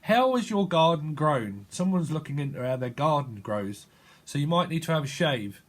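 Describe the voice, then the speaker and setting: A man's voice: on the high side, sing-song, moderate pace. A man with a British accent giving a casual tarot reading, rambling playfully and acting out imagined voices full of slang. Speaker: tarot reader.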